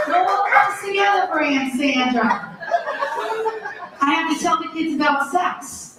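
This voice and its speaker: High-voiced woman comic in her fifties, brash stand-up, far off in an echoey club with loud background noise. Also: measured pace, long pauses. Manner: brash, self-mocking punchlines. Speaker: stand-up comedian. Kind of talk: stand-up comedy set.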